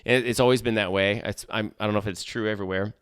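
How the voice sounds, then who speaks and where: A man's voice: fairly low pitch, steady tone, fast talker, fairly bright tone, clear, resonant tone, dry recording. A middle-aged man hosting his own podcast, chatting casually with lots of jokey asides and restarts, close on the mic. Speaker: podcast host. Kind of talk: solo casual podcast chat.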